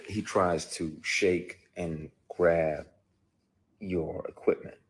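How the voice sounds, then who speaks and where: Over a phone livestream, an actor with a very low, husky voice candidly tells a story, his grain staying rough throughout. He speaks with heated emphasis, surging into loud bursts and then pulling back, with fairly even intonation and drawn-out words.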